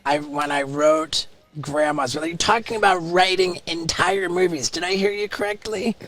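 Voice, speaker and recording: Podcast host, man, keen and profane, voice on the higher side. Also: normal speed, a bit bright. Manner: enthusiastic, swears casually, says "dude" often. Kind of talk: casual podcast chat.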